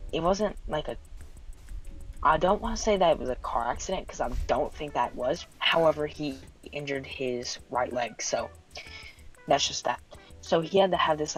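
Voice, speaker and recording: Low-voiced teen girl rambling. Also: rough recording. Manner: rambling, full of fillers and swearing. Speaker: game streamer. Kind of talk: casual storytelling on a live stream.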